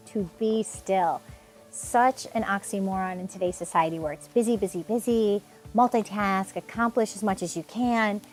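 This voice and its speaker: A woman's voice: medium pitch, darkish tone. Earnest woman giving a daily devotional. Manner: earnest, conversational, repeats words for emphasis. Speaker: devotional host. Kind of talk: devotional talk.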